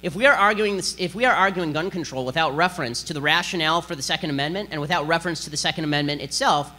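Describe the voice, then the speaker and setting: A man giving a combative, sarcastic political speech to an audience, talking in a rapid-fire way. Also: a little high, bright, forceful tone. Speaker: political speaker giving a lecture.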